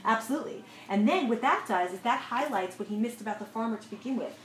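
A woman teaching a lively class lecture, telling a story and asking her students questions as she goes. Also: a little high, fast talker. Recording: echoey room, faint noise.

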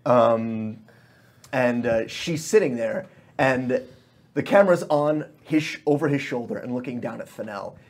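A man's voice: medium pitch, a little slow. A man as game master, narrating a tabletop scene like a film, with many fillers.

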